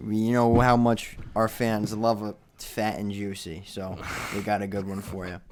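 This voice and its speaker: Young male podcast host, casual and jokey, quick back-and-forth banter. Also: fairly low pitch, level tone, background noise. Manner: joking, rapid banter with frequent laughter. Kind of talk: casual chat.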